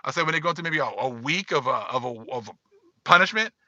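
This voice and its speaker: Addressing viewers straight on during a casual livestream, a man repeats his points over and over in emphatic, loose commentary. His tense, sharp, slightly high voice moves quickly with lively intonation. The audio is dry, somewhat dull and lo-fi, with no echo.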